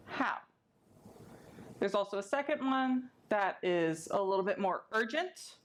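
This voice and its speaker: Brief: woman librarian, friendly and clear, teaching a sign language video lesson, mid-range voice. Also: medium pitch, slight background noise. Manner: friendly, clear step-by-step explaining.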